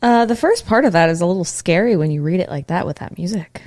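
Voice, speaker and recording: A woman's voice: lowish voice, animated, fast talker, a little mellow. A woman co-hosting a casual podcast, joking and playful. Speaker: podcast co-host. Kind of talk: casual chat.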